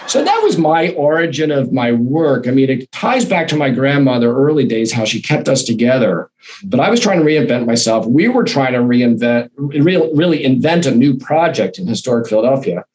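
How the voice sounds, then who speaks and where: A man telling a personal anecdote in a lively, animated way, acting out the voices in his quotes. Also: mid-range voice, normal speed, rough recording. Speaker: guest, storytelling consultant.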